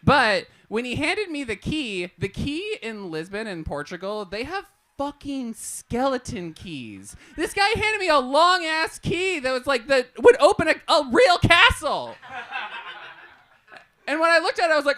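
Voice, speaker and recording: A woman from Portland works a live comedy cafe crowd on a handheld mic. Her voice is bright and a little high, with a forceful edge. She talks in an animated, foul-mouthed way, with laughter slipping through. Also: unhurried. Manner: animated, profane, laughs at own jokes. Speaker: stand-up comedian. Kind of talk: live stand-up set.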